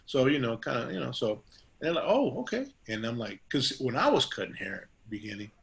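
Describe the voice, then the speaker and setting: A man's voice: mid-range voice, fast, gravelly, fairly bright tone. Rambling middle-aged man telling stories. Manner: rambling, many fillers and restarts; acts out quoted dialogue in a raised voice. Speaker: guest barber. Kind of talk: casual interview storytelling.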